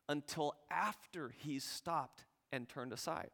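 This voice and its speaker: A man preaching a sermon as pastor, animated, acting out scripture dialogue with rising intensity. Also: mid-range voice, moderate pace, clear, resonant tone, long reverb tail.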